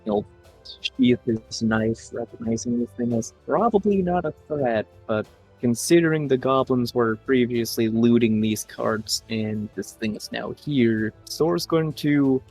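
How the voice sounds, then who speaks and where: A man's voice: mid-range voice, a little slow, darkish tone, faint music behind. A man playing a tabletop game who casually explains his character's actions in the third person.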